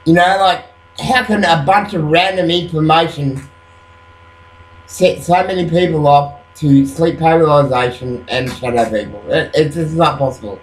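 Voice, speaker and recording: A man's voice: a little high, moderate pace. A man rambling at night into his webcam, agitated, swearing constantly and filling gaps with "you know". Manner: rambling, profane, agitated, full of fillers. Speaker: vlogger. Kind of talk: rambling late-night monologue. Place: at home at night after waking up. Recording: roomy echo.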